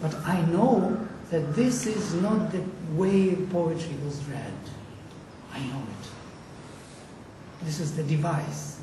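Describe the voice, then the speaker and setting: Passionate man chanting in an echoey room. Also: fairly high pitch. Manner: passionate, chants verses slowly. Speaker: Sanskrit teacher. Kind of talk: lecture with chanted Vedic recitation. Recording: echoey room, far from mic, faint noise.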